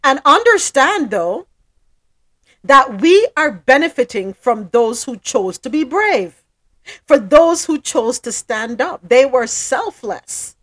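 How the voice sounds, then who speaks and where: A woman's voice: high-pitched, very animated, slow, fairly bright tone. A woman co-hosting a casual panel chat, emphatic and preachy, repeating her phrases for effect. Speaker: podcast co-host.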